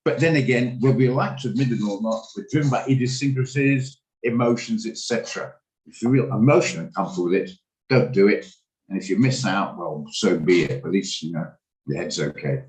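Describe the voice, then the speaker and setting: A man's voice: on the low side, fairly quick, a little mellow, roomy sound, rough recording. A man hosting a live trading session, chatting and thinking aloud as he works through charts. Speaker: trading room host. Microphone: video call.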